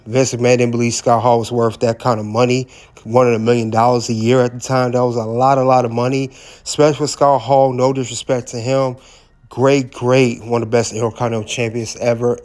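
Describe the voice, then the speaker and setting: Flat-voiced man recapping a clip. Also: mid-range voice. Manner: hesitant, with filler words. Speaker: wrestling commentary host. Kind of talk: recap commentary.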